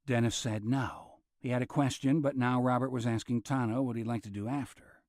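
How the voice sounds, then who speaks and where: A man narrating a thriller audiobook, shifting his pitch as he voices different characters. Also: steady tone, fairly quick, darkish tone, no room sound, clean studio sound. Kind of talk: scripted narration.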